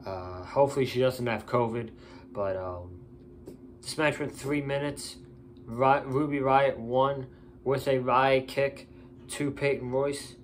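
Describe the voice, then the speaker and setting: A man's voice: medium pitch, fairly even intonation, slow pace, a little hiss or hum. A tired man giving a casual, opinionated wrestling show review, blunt and ranting.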